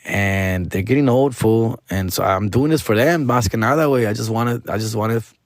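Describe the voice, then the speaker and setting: A man's voice: lowish voice, fairly quick, no room sound, studio quality. Slangy, profane man venting on a podcast. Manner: slangy, profane, mixes Spanish into his English; frustrated, venting. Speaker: comedian podcast host. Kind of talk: casual comedic rant.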